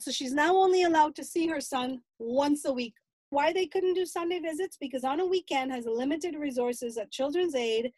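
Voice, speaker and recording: A middle-aged woman with a high voice tells her family's story as a grandmother. She speaks in an earnest, pleading tone that turns indignant. The sound is dry and close, with little room echo. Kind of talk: emotional personal testimony.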